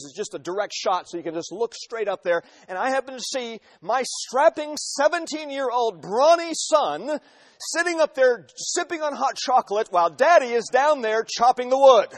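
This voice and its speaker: A man's voice: very high-pitched, lively intonation, moderate pace. A man in his forties preaching a sermon, telling illustrations emphatically and repeating phrases for weight. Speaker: pastor.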